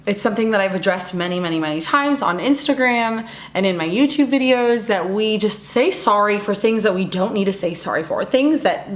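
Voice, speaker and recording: A woman's voice: medium pitch, a bit bright, roomy sound. A young adult woman talking to camera in a casual, earnest and encouraging way, repeating words for emphasis. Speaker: women's event speaker and video creator.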